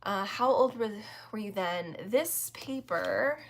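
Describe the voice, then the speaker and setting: Slow and creaky at a medium pitch, this livestream host in her forties tells a story conversationally, laughing often and peppering her speech with fillers.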